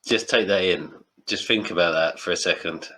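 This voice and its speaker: A man's voice: sits low, moderate pace, bright, forceful tone, poor audio. A man hosting a podcast, chatting casually and laughing often between jokes. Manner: giggly, jokey, drops into silly impressions. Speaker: podcast host.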